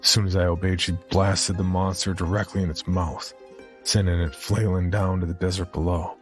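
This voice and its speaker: A man narrating a first-person horror story in a steady, measured storytelling manner. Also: sits low, soft background music.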